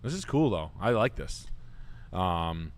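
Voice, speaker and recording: A man's voice: sits low, sing-song, slow pace. A man from the area, hosting a casual show and talking in a crude, rambling way full of fillers. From Boston area, United States. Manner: profane, blunt, rambling with many fillers. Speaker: podcast host.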